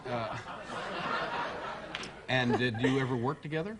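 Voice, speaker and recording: A man's voice: medium pitch, a little slow. A man hosting a late-night talk show, interviewing a guest in a dry, teasing way. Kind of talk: interview chat. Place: television studio. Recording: loud studio audience and noise.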